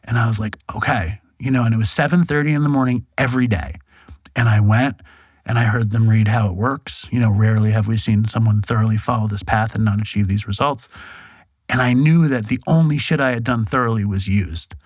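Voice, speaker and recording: A man's voice: fairly low pitch, a little fast, no echo. Guy in his 40s telling his story straight, swearing, acting out what people said, dry close sound. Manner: frank, animated, acts out quoted dialogue, swears. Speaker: podcast guest. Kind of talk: candid storytelling interview. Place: podcast studio.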